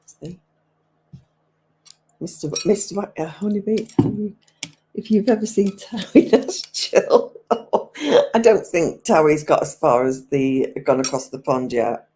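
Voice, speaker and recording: A woman's voice: lowish voice, a little slow, pauses often, warm tone, husky. An English woman in her fifties hosting a livestream, chatting casually and answering viewers' comments aloud with frequent laughter. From England. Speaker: livestream host.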